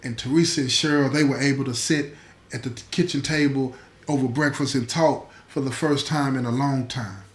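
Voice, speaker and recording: A man's voice: mid-range voice, fairly even intonation, moderate pace. A man narrating a dramatic true-life story in a conversational way, with asides to the listener. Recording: echoey room.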